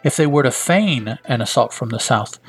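A man's voice: mid-range voice, expressive, normal speed, slightly rough. A man voicing a wary male rabbit samurai who gives a careful warning. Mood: earnest warning.

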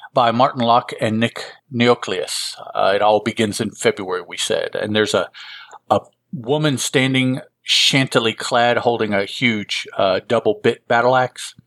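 A man's voice: on the low side, fairly bright tone, no room sound. A man hosting a casual comic book review, rambling and correcting himself as he goes. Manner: rambling, with fillers and self-corrections. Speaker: host.

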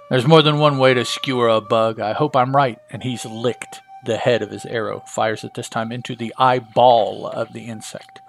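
Gravelly man reading a comic casually. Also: medium pitch, steady tone, normal speed, few pauses, fairly bright tone. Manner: casual, chatty, asides and fillers. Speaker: comic book reviewer. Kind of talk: casual comic read-through.

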